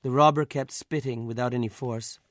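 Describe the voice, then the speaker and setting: A man's voice: mid-range voice, fairly even intonation, normal speed, no room sound. Man reading his own story, dry sound. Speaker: author reading his fiction. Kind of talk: literary reading.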